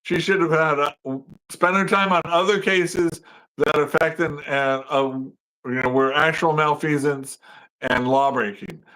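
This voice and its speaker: Man, co-host, slightly high pitch, emphatic, political chat. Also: steady tone, measured pace, bright, forceful tone, low-quality recording. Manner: emphatic, ends points with "right?". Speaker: podcast co-host. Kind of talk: casual political talk.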